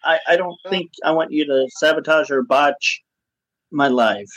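A man hosting a comedy podcast, teasing his co-host with quick jokes. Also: a little high, fairly bright tone, no room sound, highs cut off. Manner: teasing, jokey interjections. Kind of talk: casual comedy podcast chat.

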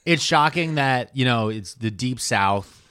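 A man's voice: medium pitch, expressive, measured pace, sharp tone, clean tone, no room sound. Joking, swearing man in podcast chat. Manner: joking, profane, riffing. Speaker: podcast co-host. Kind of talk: casual chat.

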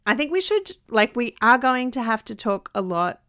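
A woman co-hosting a podcast, with a bright, forceful voice. She tells stories animatedly and chattily, recorded close on a dry mic. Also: a little high, sing-song, moderate pace, no room sound. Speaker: podcast co-host. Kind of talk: casual chat.

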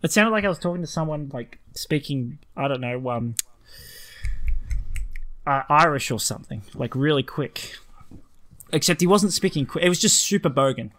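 A man's voice: fairly high pitch, normal speed, pauses often. A man with an Australian accent, co-hosting a casual podcast chat and acting out the voices in his stories. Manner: animated storyteller, acts out quoted voices. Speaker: podcast co-host.

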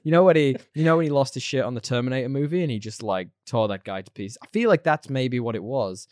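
A man's voice: mid-range voice, fast talker, darkish tone, dry recording, studio quality. A man co-hosting a podcast in casual chat, chatty and playful, laughing easily. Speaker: podcast co-host.

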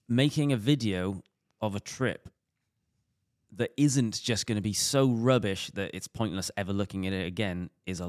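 A man's voice: lowish voice, dry recording, clean studio sound. A man hosting a podcast, chatting casually and laughing easily. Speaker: podcast host.

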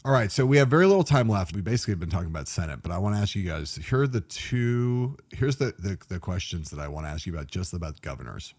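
A man hosting a political chat show, talking fast and emphatically. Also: low-pitched, expressive, darkish tone, breathy edge. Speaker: podcast host.

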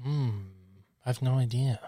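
A man with an Australian accent hosting a casual podcast from his dining room, chatty and quick to laugh. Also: medium pitch, flat delivery, mellow, breathy edge. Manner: chatty, laughs easily, reads listener emails aloud. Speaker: podcast host.

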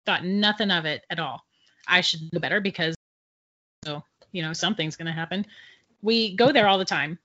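Middle-aged woman guest, lively storyteller who laughs easily, bright voice, dull lo-fi sound. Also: fairly low pitch, moderate pace. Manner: animated, laughs often between sentences. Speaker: podcast guest. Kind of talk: telling a personal ghost story. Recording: dull lo-fi audio.

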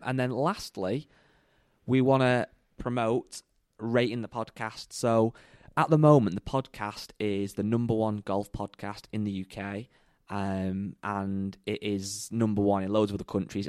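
Male co-host, chatty and promotional, lowish voice, dry close recording. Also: fairly even intonation, normal speed, a little mellow, dry recording. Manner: chatty, plugs the show. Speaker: podcast co-host. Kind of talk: casual chat.

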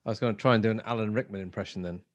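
Man, low voice, dry sound, chatty, playful, co-host recording from home. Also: rapid-fire, dry recording, muffled recording. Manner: chatty, playful, many restarts. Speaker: podcast co-host and agile trainer. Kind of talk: casual chat.

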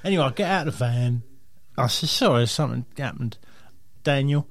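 A man co-hosting a comedy podcast, telling an absurd anecdote in a deadpan, rambling way with low mumbled asides. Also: brisk. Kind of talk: absurd comic anecdote, improvised banter.

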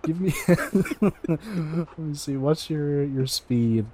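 A man's voice: on the high side, expressive, slow pace, warm tone. A man narrating a tabletop game as dungeon master, in a loose, casual way with many fillers.

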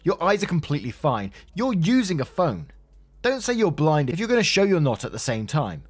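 A man's voice: sing-song, a little fast, breathy edge. A man voicing a hostile, entitled middle-aged mother who talks in a harsh, accusatory way. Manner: harsh, accusatory, shrill when angry.

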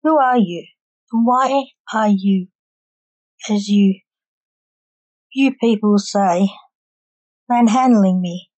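A woman voicing a cornered, demanding grey male alien in a read-aloud story, with stilted phrasing and a raised pitch. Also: slow, long pauses, a little mellow, highs cut off.

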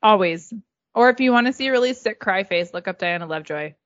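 A young woman co-hosting a podcast in casual chat, deadpan and giggly, fond of gross-out jokes. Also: medium pitch, fast talker, dull audio. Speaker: podcast co-host.

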